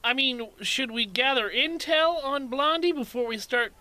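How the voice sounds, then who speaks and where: A man's voice: very high-pitched, normal speed, sharp tone, poor audio. A man playing a tabletop game, joking and thinking aloud with friends. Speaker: player. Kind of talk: casual tabletop game chat.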